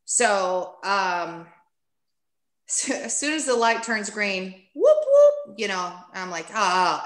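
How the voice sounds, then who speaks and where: A woman guest on a podcast, candidly telling a personal story in a casual, animated way and acting out what people said. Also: medium pitch, echoey room. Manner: candid, animated, acts out quoted speech.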